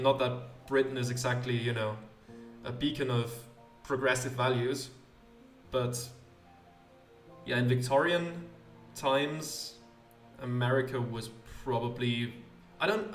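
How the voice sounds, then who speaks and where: A man's voice: medium pitch, moderate pace. A man hosting a let's play, commenting in a rambling, hesitant, self-deprecating way. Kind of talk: casual game commentary. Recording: roomy, mic at a distance, faint game music.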